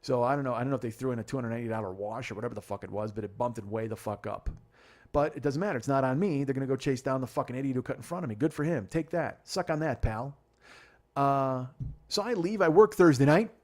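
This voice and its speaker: Fast-talking, profane man ranting. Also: medium pitch, a little mellow. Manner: profane, exasperated, fast rambling rants. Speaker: comedy podcast host. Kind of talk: ranting comic storytelling monologue.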